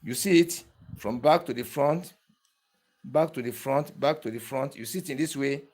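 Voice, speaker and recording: A barber tool instructor leads a hands-on tutorial, repeating each step and often checking whether the viewer can see what he's doing. His voice is medium in pitch, a little mellow, at a normal speed.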